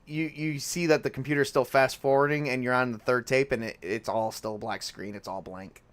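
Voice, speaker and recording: A man's voice: medium pitch, steady tone, moderate pace, dry recording. A man narrating a tabletop horror game as game master, in a casual way with frequent restarts.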